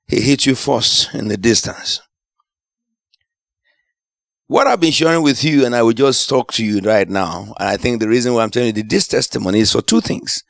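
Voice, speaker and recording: Male preacher, animated storyteller, gravelly voice, dry close sound. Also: mid-range voice, dry recording. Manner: animated storytelling, shouts and laughs at climaxes. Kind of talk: sermon testimony.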